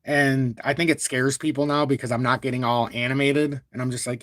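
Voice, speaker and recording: A man hosting a crypto live stream, talking at length in a blunt, calm and even tone while reading out viewer super chats. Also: mid-range voice, a little fast, few pauses, dry recording, clean studio sound. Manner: talkative and blunt, reads super chats aloud; calm, even-toned delivery even when annoyed. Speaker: crypto livestream host. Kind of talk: live-stream market commentary.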